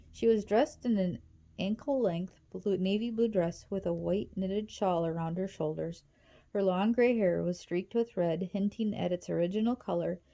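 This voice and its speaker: A woman reading a novel aloud in a steady, even storytelling manner. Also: lowish voice, creaky. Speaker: audiobook reader.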